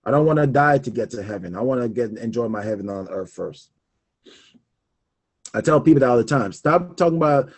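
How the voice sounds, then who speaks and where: Hosting a casual personal finance talk show on his own, a young man speaks about money with animation and emphasis, laughing frequently and restating key points. His medium-pitched voice is expressive and fairly quick, with a breathy edge.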